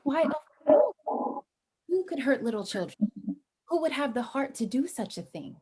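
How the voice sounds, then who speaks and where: A woman's voice: sits high, animated, moderate pace, breathy edge. A woman playing a tender, grieving young mother. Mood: gentle. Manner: soft, tender and aching. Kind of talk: stage play performance.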